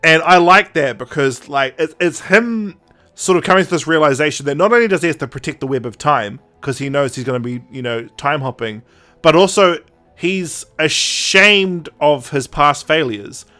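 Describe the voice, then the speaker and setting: Animated young man recapping a story. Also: a little high. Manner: animated retelling with quick put-on quotes and laughs. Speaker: podcast host. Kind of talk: casual chat recapping a story.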